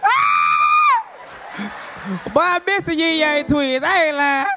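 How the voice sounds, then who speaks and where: A man roasting a live crowd as a stand-up comedian, loud and brash, often shouting his jokes on a club stage. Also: very high voice, normal speed, very noisy. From Atlanta, US.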